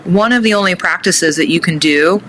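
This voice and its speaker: A woman guest talking casually about breathwork in an interview, animated and emphatic. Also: moderate pace, slight background noise. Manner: animated, rising pitch on emphasis.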